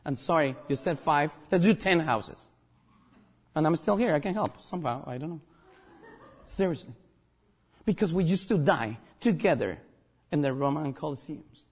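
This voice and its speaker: A man's voice: a little high, expressive, normal speed, pauses often, breathy edge. A man from Guatemala with a Guatemalan accent, a native Spanish speaker, preaching a sermon as pastor, emphatic and joking.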